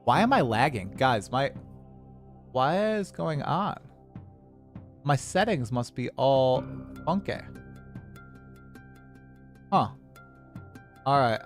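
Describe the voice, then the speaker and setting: A young man chatting casually on a livestream, rambling and animated as he talks to his chat. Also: medium pitch, slow, long pauses, soft background music. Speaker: streamer.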